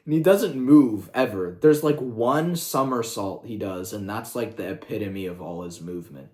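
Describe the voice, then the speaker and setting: Excitable, profane man in an echoey room. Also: fairly low pitch. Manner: profane, excitable, quick asides. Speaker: video creator. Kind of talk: casual rant. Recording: roomy echo.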